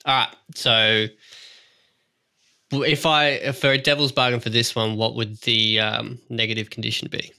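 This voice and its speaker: A man's voice: medium pitch, flat delivery, normal speed, pushed and bright. A man playing a tabletop game, playful and a little hesitant as he asks about the rules. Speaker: player.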